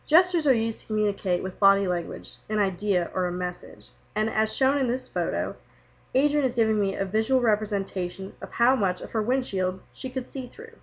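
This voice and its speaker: A young woman reads her class project aloud as narration. Her delivery is steady and scripted, like a student presenting a report. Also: mid-range voice, brisk, low-quality recording.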